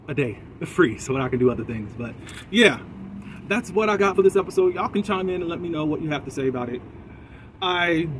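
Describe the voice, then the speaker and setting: A man giving an animated, opinionated, chatty recap of a reality TV episode, talking from a car. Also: fairly high pitch, slight background noise. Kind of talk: casual episode recap commentary.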